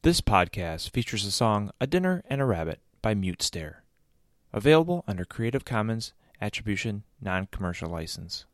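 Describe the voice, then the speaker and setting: A man reading a scripted podcast outro in a measured way. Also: fairly low pitch, sing-song, no room sound, clean studio sound. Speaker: podcast host.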